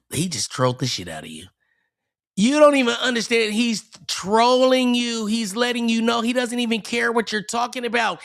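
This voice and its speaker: Mocking, bright-voiced man streamer. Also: sits high. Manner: mocking, repetitive, stammers and restarts. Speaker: streamer reacting to a clip. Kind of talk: heated livestream commentary.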